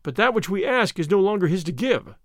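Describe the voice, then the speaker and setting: A man's voice: high-pitched, sing-song, fairly quick, no echo, studio quality. A man voicing a humble, gloomy young male interpreter in an audiobook, speaking plaintively with sighs. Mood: glum. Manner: plaintive, sighing. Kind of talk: audiobook character reading.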